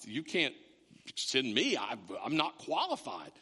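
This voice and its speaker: A man voicing a reluctant, stammering man who keeps making excuses, stuttering and halting. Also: medium pitch, huge pitch swings, pushed and bright, slightly rough, voice pushed down, heavily acted. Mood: nervous. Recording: long reverb of a church hall.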